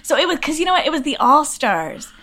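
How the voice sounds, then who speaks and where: Woman, actress guest, slightly high voice, rambling casual chat, self-deprecating. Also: very animated, quick pace, pushed and bright.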